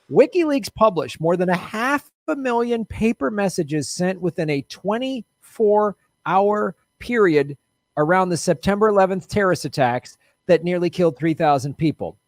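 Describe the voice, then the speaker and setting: A man's voice: high voice, no echo, studio quality. A man co-hosting a casual political comedy chat, playful and chatty, often laughing. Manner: playful, laughing, slips into joke accents. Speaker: co-host.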